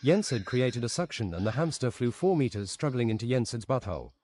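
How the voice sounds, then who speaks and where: A man streaming, reading a story aloud in a steady, deadpan way at his desk mic. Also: mid-range voice, a little fast, a loud crowd.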